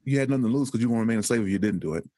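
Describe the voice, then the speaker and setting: A man's voice: mid-range voice, very fast, dark tone, no echo, clean studio sound. A man making an emphatic case in conversation, building his points with rhetorical repetition. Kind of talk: conversational commentary.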